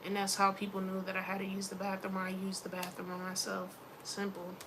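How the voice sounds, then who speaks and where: A woman vlogger chatting casually to camera, animated and playful, with slangy asides. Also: mid-range voice, fairly quick, noisy background.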